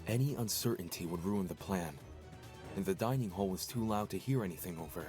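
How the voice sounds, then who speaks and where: An actor playing a composed young male student who argues calmly and persuasively. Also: sits low, a little fast, music in the background, lightly acted. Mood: reasoning.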